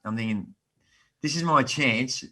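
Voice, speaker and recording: Bright-voiced Australian man telling stories. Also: mid-range voice, a little slow. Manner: animated, relaxed storyteller with Aussie slang. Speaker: podcast guest. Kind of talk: casual storytelling.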